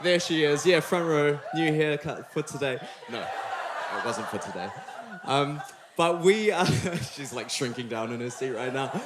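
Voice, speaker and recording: Joking New Zealand preacher, echoey hall. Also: male voice, fairly high pitch, normal speed, few pauses, noisy background. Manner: friendly, joking, chatty with the room. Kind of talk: sermon. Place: church hall before a live congregation.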